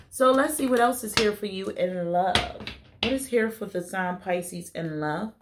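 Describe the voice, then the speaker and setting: A woman's voice: mid-range voice, noisy background. A woman doing a casual tarot reading, talking blunt and playful and swearing now and then. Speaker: tarot reader.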